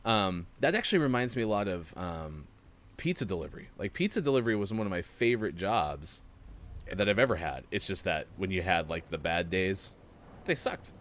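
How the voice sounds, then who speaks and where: A deep-voiced man hosts a casual gaming morning show, drifting from game chatter into news items. His delivery rambles loosely. A faint background hiss sits under the recording. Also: very animated, fairly quick, fairly bright tone. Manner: rambling, reads out news items between gameplay remarks. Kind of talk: casual chat while playing a game.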